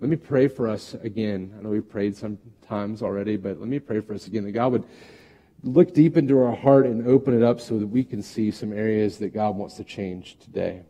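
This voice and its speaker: A man, a pastor with five kids, preaching a sermon, reading scripture aloud and stepping out of the text to explain it, getting louder and higher when he voices God's words and quieter for asides. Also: fairly quick. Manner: rising loudly when reading and voicing God, dropping soft for asides.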